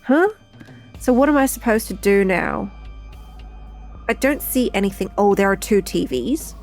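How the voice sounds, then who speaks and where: Woman gamer thinking out loud during a playthrough, slow relaxed pace. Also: medium pitch, faint music behind. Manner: thinking aloud, unhurried and chatty. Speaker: let's play streamer. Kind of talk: casual game playthrough commentary.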